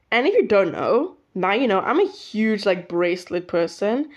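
A woman's voice: medium pitch, big pitch swings, moderate pace. A young woman, hosting a podcast and rambling through a story with lots of fillers and restarts. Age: late teens. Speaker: podcast host. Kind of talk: casual storytelling monologue. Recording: slightly dull lo-fi audio.

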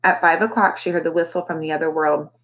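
A woman's voice: low-pitched, quick pace, rough recording. Woman reading a novel aloud. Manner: expressive, animated storytelling.

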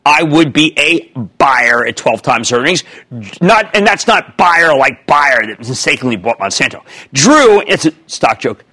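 A man in his sixties hosting a stock market call-in show on TV, talking emphatically with jokes and rapid asides. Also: on the high side, slightly rough. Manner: emphatic, excitable, jokey, riffing. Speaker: host. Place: TV studio.

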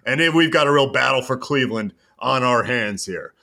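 Bright-voiced man, storytelling host. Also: mid-range voice, gravelly. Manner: animated storytelling, quick asides. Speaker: podcast host. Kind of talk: casual chat recapping a wrestling show.

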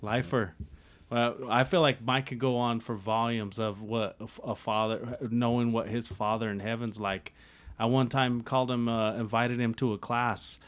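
A man with an ordinary mid-range voice hosts a casual podcast conversation. He sounds relaxed and affirming, and sometimes gropes for the right words. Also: mid-range voice, normal speed. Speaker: podcast host. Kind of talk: casual chat.

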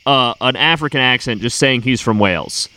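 A man's voice: mid-range voice, normal speed, pushed and bright, poor audio. A man telling a long, rambling anecdote in casual chat, laughing mid-sentence and repeating words. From United States.

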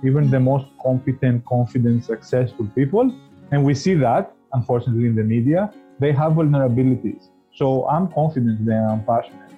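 A man for whom English is not his first language talks with passion and frequently restarts his phrases as he explains his points in a casual podcast interview. His voice comes through a tinny, phone-like line with a husky edge. Faint music plays behind him. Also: medium pitch, a little fast. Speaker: podcast guest.

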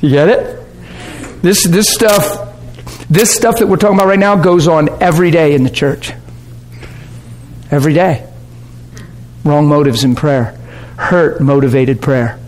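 Brief: high-pitched male preacher, casual teaching tone, quick to laugh, keeps asking the room if they follow. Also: a little hiss or hum. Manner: conversational, checks in with the class, laughs often. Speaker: pastor. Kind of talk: sermon teaching. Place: warm classroom or church hall.

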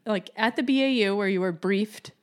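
A woman's voice: medium pitch, brisk. A woman co-hosting a podcast, chatting casually and sarcastically about a TV episode and acting out lines from its scenes. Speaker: podcast co-host. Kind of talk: casual chat recapping a TV episode.

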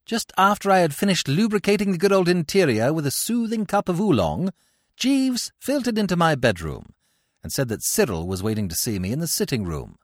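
A man narrating comic fiction for an audiobook, expressive and lively. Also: fairly high pitch, normal speed, no echo. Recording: dry close studio sound.

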